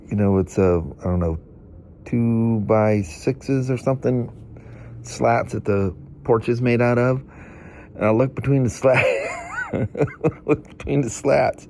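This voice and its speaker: A man's voice: lowish voice, a little mellow, slight background noise. A middle-aged man vlogging, a stuffy-nosed storyteller with a chatty, folksy manner who rambles and laughs through his stories. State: congested from hay fever.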